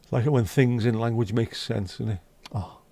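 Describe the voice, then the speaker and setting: A livestream host from North West England chats casually and bluntly with his viewers and the live chat, swearing as a matter of course. His voice is medium-pitched, steady, and mellow, at a moderate pace with no room sound.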